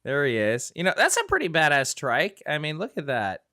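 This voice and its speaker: A man co-hosting a casual movie chat, animated and joking, acting out lines from scenes. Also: fairly high pitch, a little fast, a little hiss or hum. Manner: animated, acts out quotes in funny voices. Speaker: podcast co-host.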